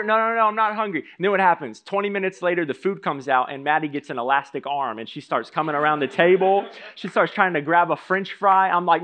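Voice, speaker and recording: A man's voice: a little high, fast talker, few pauses. A young man preaching a humorous sermon as pastor, telling stories and acting out bits of dialogue. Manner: lively storyteller acting out dialogue.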